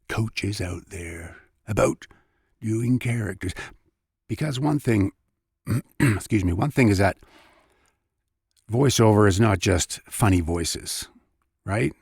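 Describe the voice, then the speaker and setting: A man's voice: lowish voice, gravelly, darkish tone, breathy edge, no room sound, studio quality. A male voice actor talking casually and chattily about his craft, in a rambling way. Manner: chatty, rambling, self-interrupting. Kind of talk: casual vlog talk.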